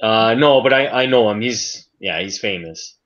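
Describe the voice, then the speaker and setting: A man's voice: on the low side, expressive, normal speed, a bit bright. A man joining a live online chat, enthusiastic and agreeable. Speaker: guest. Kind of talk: casual chat. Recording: dull lo-fi call audio.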